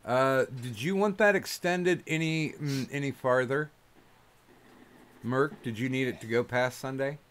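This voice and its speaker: A man's voice: medium pitch, measured pace, fairly bright tone. A man hosting a podcast in casual chat, rambling and joking with many fillers. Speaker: podcast host. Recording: noisy recording.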